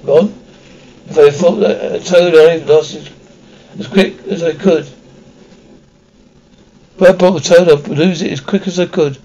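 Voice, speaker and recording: A man's voice: a little high, fairly even intonation, a little slow, long pauses, dark tone, poor audio. A man voicing a chatty, blunt schoolboy wizard in an audiobook reading. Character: excitable red-haired schoolboy wizard.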